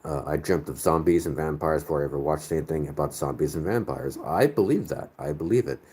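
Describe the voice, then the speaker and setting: A man with a very deep, slightly rough, somewhat mellow voice talks fast. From the northern United States, he hosts a casual live chat reading viewer comments, rambling and searching out loud for his words.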